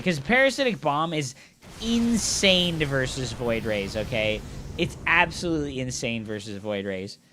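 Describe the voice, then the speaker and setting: A man streaming live, casting a strategy game and chatting with viewers in an excitable, jokey way. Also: on the high side, a little hiss or hum. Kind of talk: live game commentary and chat.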